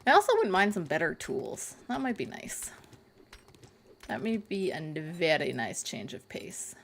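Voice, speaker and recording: A woman's voice: lowish voice, big pitch swings, unhurried, vocal fry, a little hiss or hum. A young woman chatting on a live game stream, rambling, laughing and swearing casually. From North America.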